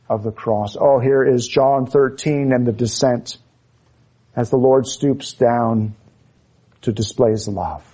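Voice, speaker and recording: A man preaching an expository sermon with fervent emphasis, slowing down to stress key phrases. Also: mid-range voice, darkish tone.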